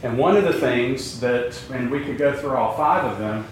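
A man teaching a Bible class in a relaxed, conversational way, with many fillers and jokes, asking the students questions. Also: mid-range voice, moderate pace, slight background noise. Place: room with class present. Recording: very echoey room, mic at a distance.

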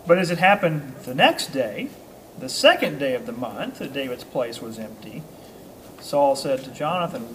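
A man's voice: mid-range voice, sing-song, moderate pace, fairly bright tone, slight background noise. A man teaching a Bible study group. He reads a passage, then explains it casually with ums, uhs and chuckles. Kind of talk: informal scripture teaching to a small group.

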